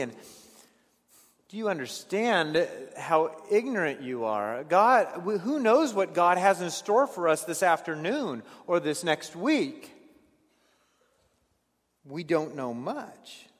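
A fairly high-voiced man preaches an earnest sermon. He stumbles over repeated words and drops to near-whispers before rising again. His voice rings out with a long tail of reverb, as if filling a large hall. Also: big pitch swings, takes it slowly. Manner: earnest, stammering restarts, swings between hushed and raised delivery. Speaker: pastor.

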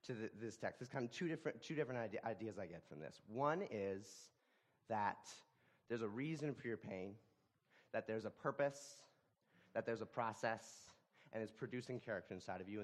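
A man giving a sermon, talking in a halting way with frequent repeated words and restarts. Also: fairly low pitch, animated. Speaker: preacher.

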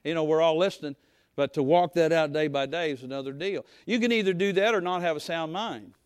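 A middle-aged male pastor preaching a sermon in a folksy, conversational way, talking straight to his congregation and sometimes rising to a shout. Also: on the high side, a little fast, clear, resonant tone, dry recording, studio quality.

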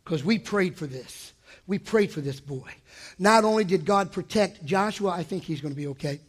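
A man preaching a sermon as pastor, swinging from hushed asides to shouted declarations. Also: high voice, normal speed. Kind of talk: energetic sermon.

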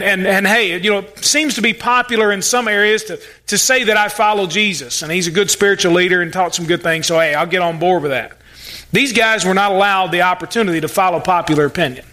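A man's voice: sits high, bright, forceful tone. A man preaching a sermon as pastor, earnest and direct, often repeating words as he presses a point home.

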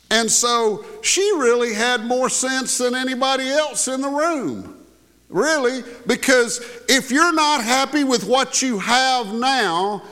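A man's voice: very high voice, bright, forceful tone. A man preaching a sermon, telling a story in a folksy, conversational way with asides to the congregation. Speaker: pastor.

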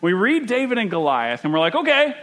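A man preaching a sermon, animated and emphatic, often restarting his phrases. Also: sits high, a little fast, faint music behind. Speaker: pastor.

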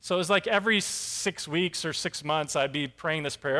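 A man's voice: fairly high pitch, moderate pace, sharp tone. A man preaching a casual, conversational sermon as a pastor, self-deprecating and acting out characters' lines.

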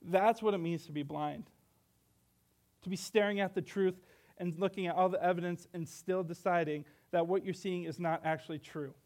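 Young guy giving a sermon, pretty high voice, earnest, reads scripture out loud. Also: fairly even intonation, moderate pace. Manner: earnest, rhetorical questions, reads scripture aloud. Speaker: preacher.

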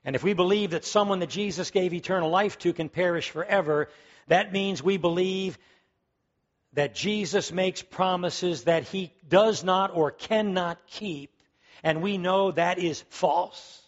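A man's voice: high-pitched, unhurried, muffled recording. A man preaching a sermon, emphatic and fervent, repeating key words as he builds to strong peaks. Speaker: pastor.

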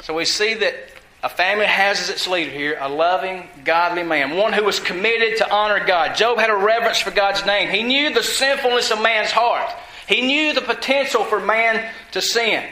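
A man's voice: high voice, bright, forceful tone, roomy sound, poor audio. A man preaching a teaching sermon, asking the congregation questions and answering them himself. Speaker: pastor.

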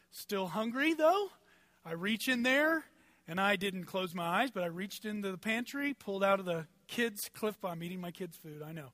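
A male pastor with a high-pitched, sharp voice preaches without any echo. His sermon is conversational and anecdotal, told like a story, with points built up through series of rhetorical questions.

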